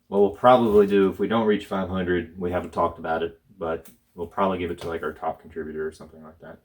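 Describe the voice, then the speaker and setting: A man co-hosting a casual comics chat with his wife, joking and quick with apologetic asides. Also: low-pitched, level tone. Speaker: co-host.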